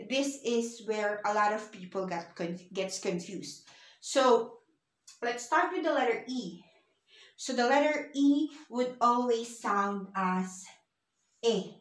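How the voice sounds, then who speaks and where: Lady teaching beginners, real slow and patient, bit high voice, echoey room. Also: a bit bright. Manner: slow, patient, repeats words for the learner. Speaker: language teacher. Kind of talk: beginner language lesson.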